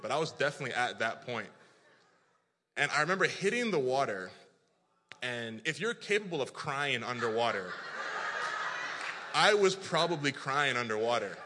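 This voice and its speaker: Preacher, bright voice, lively self-mocking storyteller, big reverberant hall. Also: male voice, medium pitch. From South Africa. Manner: animated, self-deprecating, frequent restarts. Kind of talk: storytelling sermon.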